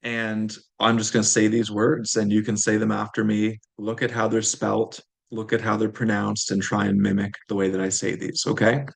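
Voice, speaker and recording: A man's voice: on the low side, completely flat delivery, moderate pace, creaky, hardly any pauses, husky. A man giving a language pronunciation lesson, patiently modeling sounds and repeating them for learners to copy. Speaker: language teacher.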